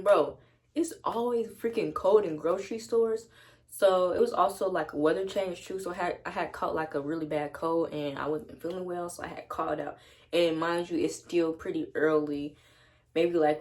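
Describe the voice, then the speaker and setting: A young woman with a notably low voice tells a story straight to camera from home. Her delivery is blunt, slangy and loose, with casual swearing throughout. She sounds unpolished and conversational. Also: normal speed, a little mellow. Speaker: vlogger.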